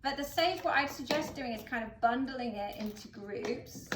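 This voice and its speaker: A chatty, upbeat English florist hosts a casual flower-arranging demonstration, explaining things with lots of fillers. Her voice sits on the high side and moves at a normal speed. The room is echoey and the background noisy, with the mic at a distance and faint music playing.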